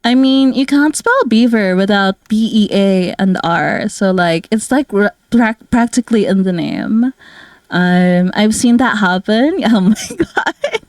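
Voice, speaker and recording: In a studio-quality, dry recording, a young woman streamer and artist chats casually while drawing. Her mid-range voice is animated and darkish in tone, at a measured pace, and she's bubbly and giggly, full of "like" and "oh my God."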